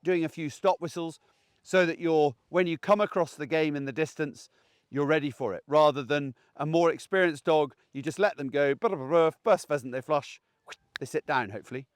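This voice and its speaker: A man's voice: on the high side, dry recording, clean studio sound. Chatty man giving dog-training tips. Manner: chatty, plain-spoken, keeps checking in with "okay?". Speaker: gundog trainer. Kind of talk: casual outdoor training advice. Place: outdoors in a grass field.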